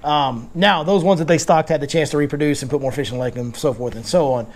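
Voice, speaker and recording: Animated fishing guide, man. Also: a little high, quick pace. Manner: animated storyteller, joking, Southern slang. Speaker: fishing guide and seminar host. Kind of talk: casual seminar chat.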